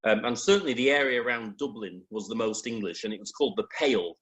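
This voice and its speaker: A man's voice: on the low side, fast, a bit bright. Hesitant man giving a chapel talk. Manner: hesitant, with frequent ums and restarts. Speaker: preacher. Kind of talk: illustrated history talk.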